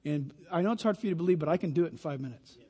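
High-voiced preacher in an echoing hall. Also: male voice, lively intonation, racing, mellow. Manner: emphatic, storytelling. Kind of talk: sermon. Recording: long hall reverb.

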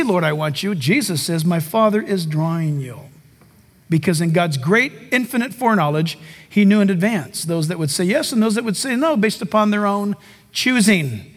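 A man with a very high voice preaches to his congregation in an emphatic, animated way, breaking into comic asides. His voice carries the long reverb of a large church sanctuary. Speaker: pastor. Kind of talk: sermon.

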